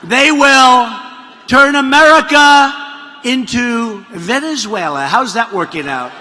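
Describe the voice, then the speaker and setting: A man holds forth at a political rally in a high, bright, forceful voice that swings widely in pitch. He rambles and mocks, circling back to repeat his own lines. The sound rings with the long reverb of a large venue. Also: slow. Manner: rambling, mocking, repetitive asides. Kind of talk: rally speech. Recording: reverberant hall audio.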